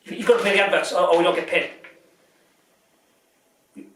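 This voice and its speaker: A man's voice: high-pitched, fairly even intonation, fairly quick, fairly bright tone, far from the mic, a little hiss or hum, pitched below the performer's own voice. A man playing a rambling news anchor. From Britain. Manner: rambling, stumbling, bursts into rants. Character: bumbling bigoted male British news anchor. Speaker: comedian. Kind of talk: parody news presenting. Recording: echoey room, off-mic.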